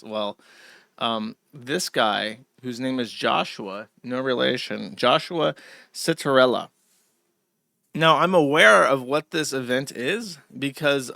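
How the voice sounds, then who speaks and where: Bright-voiced man rambling to his chat. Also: medium pitch, dry recording, clean studio sound. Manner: rambling, digressive, addresses chat directly. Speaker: livestream host. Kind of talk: casual livestream monologue.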